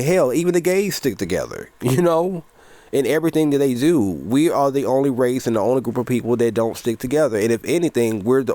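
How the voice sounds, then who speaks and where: A man's voice: medium pitch, warm tone, no echo. Earnest man giving casual commentary. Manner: earnest, rambling with fillers. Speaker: commentary vlogger.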